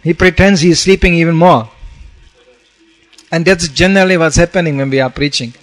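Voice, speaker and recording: A man's voice: on the high side, a little fast. Storytelling man preaching a sermon. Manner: storytelling with acted-out quotes, frequent "you know". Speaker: monk preacher.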